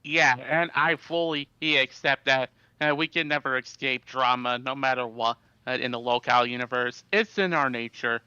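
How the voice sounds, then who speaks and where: A man with a very bright, smooth voice co-hosts a livestream chat, joking easily. His sound is dry and a little dull, as if from a lo-fi mic. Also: mid-range voice, normal speed, few pauses, no echo. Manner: easygoing, joking. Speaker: co-host.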